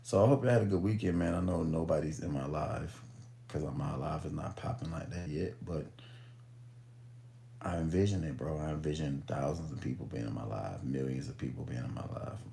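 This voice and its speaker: A man's voice: rumbling low, brisk, gravelly, warm tone, a little hiss or hum. A young man chatting casually on a phone live stream in laid-back, profane slang, then reading a book aloud. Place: at home, in bed.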